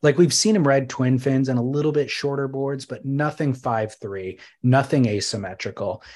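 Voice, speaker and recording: A man co-hosting a casual podcast, telling stories in an animated, thoughtful way with bursts of emphasis. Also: medium pitch. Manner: animated, thoughtful storytelling with sudden bursts of laughter-tinged emphasis. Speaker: podcast co-host.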